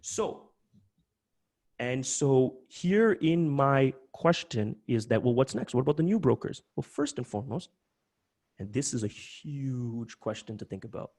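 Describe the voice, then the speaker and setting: A man hosting a live webinar, talking in an animated, emphatic way with many quick restarts. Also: mid-range voice. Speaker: webinar host.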